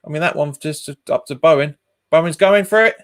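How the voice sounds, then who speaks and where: Hosting a football watch-along, a man keeps the commentary and chat relaxed, laughing often and reading out comments from viewers. His voice is a little high and his pace a little fast.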